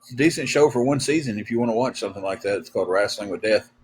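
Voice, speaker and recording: A man chatting on a livestream, his voice sitting on the low side. He rambles through folksy stories with plenty of "uh" and "um". His delivery is relaxed and a bit weary. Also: slight background noise. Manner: rambling, folksy, lots of fillers; drawn-out, tired. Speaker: livestream co-host. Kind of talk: casual livestream chat, storytelling.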